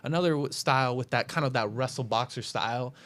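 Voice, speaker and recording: A man's voice: mid-range voice, quick pace, a bit bright. Man, host, casual fight chat, rambling, many fillers. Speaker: podcast host making fight picks.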